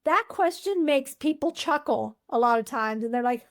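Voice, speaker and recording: A woman's voice: sits high, lively intonation, normal speed. A woman UX researcher talking as a podcast guest, candid and blunt in casual interview chat.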